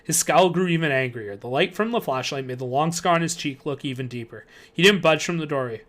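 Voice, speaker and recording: A man reading a spooky children's book aloud on a live stream, expressive and ready with a joking aside. His voice sits a touch high for a man. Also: fairly quick.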